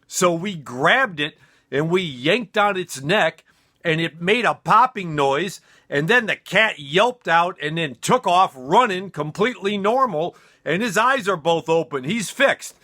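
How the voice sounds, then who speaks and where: A man voicing a stoned, laid-back young male college roommate who drawls slowly. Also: high voice, expressive, bright, forceful tone, voice pushed up, heavily acted.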